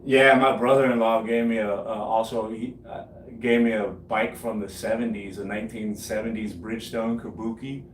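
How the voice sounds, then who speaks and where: A fairly low, steady voice at normal speed belongs to a man in his late forties streaming from a home gym. He chats casually, showing off about his cycling, swearing a lot and laughing at his own anecdotes. He's far from the mic, the room echoes, and there's faint noise.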